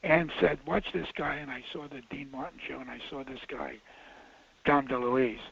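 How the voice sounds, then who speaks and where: A man's voice: mid-range voice, fairly even intonation, normal speed, creaky, crowd noise. An older man, a film director and guest, telling rambling anecdotes with restarts and emphatic bursts. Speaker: filmmaker guest. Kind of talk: casual anecdote. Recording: lo-fi audio.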